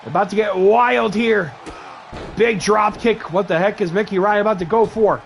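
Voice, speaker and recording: Gravelly, excitable wrestling play-by-play man. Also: sits high, normal speed, slight background noise. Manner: calls moves in short bursts, thanks chat viewers. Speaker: play-by-play commentator for an online wrestling match.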